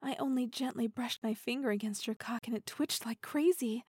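Give me a playful, dominant young woman voiced by an actress in an intimate audio role-play, with a slightly high, breathy voice. She teases slowly and giggles often, dropping into soft half-whispers close to a dry-sounding mic. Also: no echo. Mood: teasing. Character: playful teasing dominant female partner.

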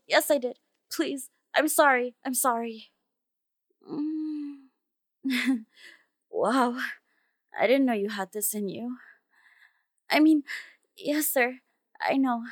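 A young woman acting a flustered friend who grows submissive in an audio role-play, talking in halting, hesitant bursts full of fillers. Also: on the high side, no echo, clean studio sound. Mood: apologetic.

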